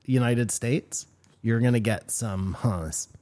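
A man with a Canadian accent co-hosting a podcast, telling stories with animated, playful banter. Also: medium pitch, slow. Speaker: podcast co-host. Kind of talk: casual banter.

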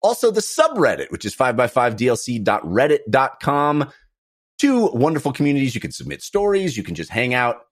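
A man's voice: mid-range voice, huge pitch swings, fairly quick. Male podcast host, jokey and rambling, wide swooping intonation. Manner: jokey, rambling, warm segment reads. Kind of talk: casual podcast chat.

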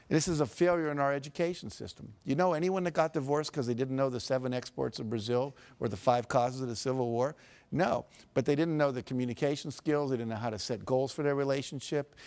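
A man's voice: mid-range voice, darkish tone. A man from the United States speaks as a motivational speaker at a live seminar. He tells stories and acts out quotes. He also puts questions straight to the audience.

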